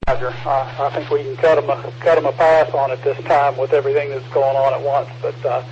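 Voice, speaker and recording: Calm man running a radio net. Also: mid-range voice. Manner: calm, measured, frequent "uh"s. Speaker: amateur radio net control. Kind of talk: ham radio weather net. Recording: muffled radio audio with static hiss.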